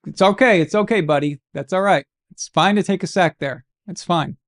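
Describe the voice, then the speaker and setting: A man's voice: high-pitched, normal speed. A man hosting a live game watch-along, reacting casually and telling stories to his viewers. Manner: casual, encouraging, chatty. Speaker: watch-along stream host.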